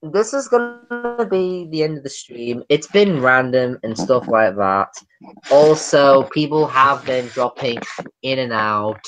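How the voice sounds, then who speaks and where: A woman's voice: rumbling low, animated, takes it slowly, soft background music. A young woman hosting a stream, chatting casually with friends and rambling through silly stories with lots of fillers. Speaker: stream host. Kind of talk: casual group voice chat. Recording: noisy voice-chat stream recording.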